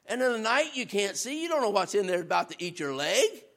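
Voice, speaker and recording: This sermon comes from a guest preacher whose voice carries vocal fry. He addresses the congregation conversationally and with animation, sometimes shouting, and reads scripture in a lower, slower voice.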